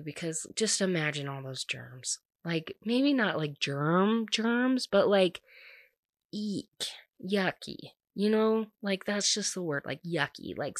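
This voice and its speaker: A woman's voice: sits low, dry recording. A young woman chattily recapping a romance novel, peppering her talk with "like". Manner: chatty, heavy use of "like". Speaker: book reviewer. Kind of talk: casual book recap.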